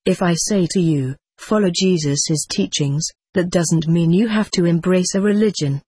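A text-to-speech voice reading the lines of a calm female extraterrestrial teacher in an audiobook, with a flat, even synthetic delivery. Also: mid-range voice, moderate pace, slightly rough, no echo, close to an everyday voice.

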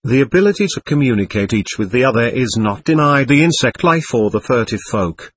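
A man narrating a book in a measured, reflective reading style. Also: medium pitch, lively intonation, breathy edge, no echo. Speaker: audiobook narrator. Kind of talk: scripted narration.

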